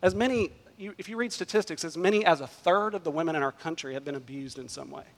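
A man preaching a sermon as pastor, emphatic, swinging between loud stresses and quiet drops. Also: on the high side, quick pace. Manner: emphatic preaching, rising and dropping in volume. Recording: long hall reverb.

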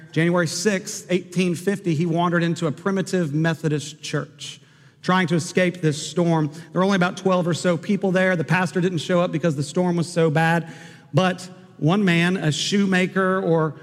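A man's voice: a little high, big-room sound. A man preaching a sermon as pastor, earnest and rising to fervent proclamation.

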